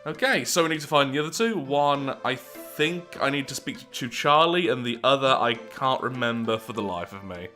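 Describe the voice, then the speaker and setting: A man's voice: medium pitch, animated, normal speed, few pauses, bright, forceful tone, faint music behind. A man giving joking, self-mocking commentary on a game he is playing. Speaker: gaming video creator.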